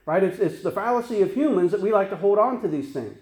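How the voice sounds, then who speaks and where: A man's voice: high voice, expressive, fast talker, darkish tone, echoey room. A man preaching a sermon as pastor, earnest and conversational, with frequent restarts and tag questions.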